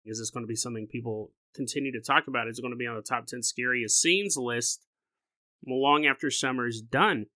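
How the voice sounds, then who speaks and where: Lively rambling podcast man, bright dry voice. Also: mid-range voice, brisk, no echo. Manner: rambling, animated, laughs often. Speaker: podcast host. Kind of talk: casual solo podcast talk.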